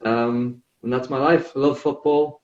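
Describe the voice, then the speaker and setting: A man's voice: medium pitch, fairly even intonation, measured pace, echoey room, dull audio. Easygoing young man from northeast England. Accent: northeast English. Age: 20s. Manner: easygoing and chatty, with light laughs. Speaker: guest. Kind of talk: casual interview chat. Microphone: video call.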